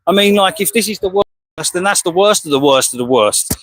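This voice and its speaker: A man's voice: a little high, fairly even intonation, brisk, a bit bright, slight background noise, poor audio. An English man speaking outdoors as an animal rights activist, combative and rhetorical, firing questions and calling people "mate". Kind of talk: heated confrontational monologue. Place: outdoors outside a slaughterhouse.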